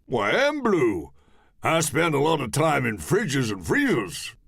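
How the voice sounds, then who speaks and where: A man voicing a muscular, blue-skinned ice cream parlour owner with a slow, jolly drawl. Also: mid-range voice, huge pitch swings, vocal fry, a bit bright, husky, no room sound, studio quality, exaggerated voice.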